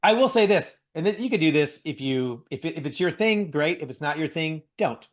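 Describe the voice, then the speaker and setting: A man co-hosting a casual podcast, animated and joking, laughing often and rambling through news. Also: fairly high pitch, fairly quick. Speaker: podcast co-host. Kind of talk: casual chat.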